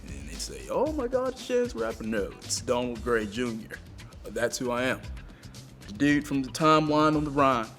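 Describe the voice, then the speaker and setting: A man's voice: mid-range voice, moderate pace, fairly bright tone, soft background music. A young man, a college football player, clowning around for the camera with playful jokey asides.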